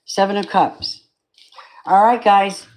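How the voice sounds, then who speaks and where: A woman's voice: medium pitch, steady tone, slow pace, darkish tone. A woman reads tarot cards for a general audience in a loose, rambling way. She speaks candidly, swears freely and keeps slipping into spiritual asides. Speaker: tarot reader. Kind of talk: collective tarot reading.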